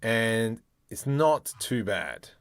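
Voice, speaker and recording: A man with a lowish voice talks slowly through a screen-recorded modeling tutorial, thinking aloud as he goes. He mutters keyboard shortcuts and lets out playful little exclamations at his own mistakes. The sound is dry and close. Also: sing-song, clean tone, dry recording. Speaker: 3D artist demonstrating modeling.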